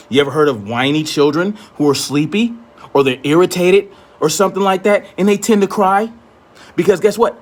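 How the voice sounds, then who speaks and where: A man giving a blunt, profane, confrontational commentary, often repeating himself for emphasis. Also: a little high. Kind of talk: ranting commentary.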